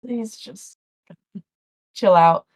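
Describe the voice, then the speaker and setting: A woman's voice: mid-range voice, extremely slow, a little mellow. A woman narrating a tabletop game as game master, chatty and rambling with frequent restarts.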